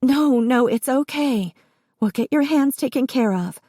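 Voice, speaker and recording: Narrator doing a panicky mother, shaky and high, mellow tone. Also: animated, measured pace, dry recording, studio quality. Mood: soothing. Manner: shaky, urgent, high-pitched. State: shaking with fear. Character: terrified young mother comforting her son.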